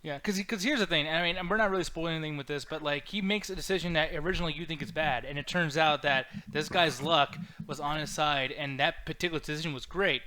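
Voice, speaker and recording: A man hosting a casual movie review chat, excitable and leading the discussion. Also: fairly high pitch, quick pace, few pauses, a little hiss or hum. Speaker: podcast host.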